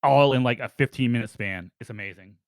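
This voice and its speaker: A man's voice: mid-range voice, fairly quick, no echo, clean studio sound. A man co-hosting a true crime podcast, talking casually with an easygoing, hesitant manner. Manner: easygoing, hesitant, filler-heavy. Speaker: podcast co-host. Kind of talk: casual chat.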